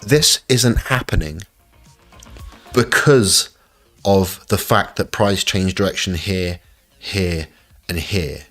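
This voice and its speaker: An excitable man hosting a live stream and walking through trading charts. He keeps repeating "look" and laughs often. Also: low voice, slow pace, pauses often. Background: faint backing music.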